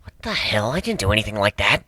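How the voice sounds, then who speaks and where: A man's voice: lowish voice, very animated, fast talker, sharp tone, no room sound. A man reading a story aloud in the first person, brash and crude with a casual swagger. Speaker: amateur reader.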